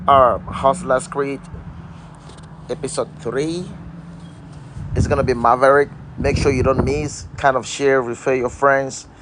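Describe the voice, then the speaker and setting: A man's voice: medium pitch, a bit bright, a little hiss or hum. Man giving an outdoor inspirational livestream. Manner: repetitive, emphatic, inspirational. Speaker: motivational livestream host. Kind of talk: casual live-stream monologue.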